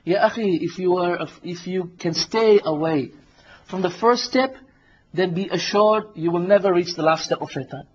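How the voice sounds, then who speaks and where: A man's voice: sits high, normal speed, breathy edge, dull audio. A male preacher giving a sermon, telling stories with animation and repeating key lines for emphasis.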